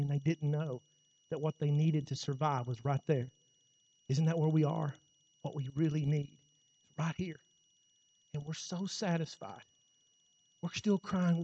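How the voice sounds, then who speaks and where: A man preaching a sermon in a church, impassioned, swinging from loud cries to quiet, low passages. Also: long reverb tail, lo-fi sound.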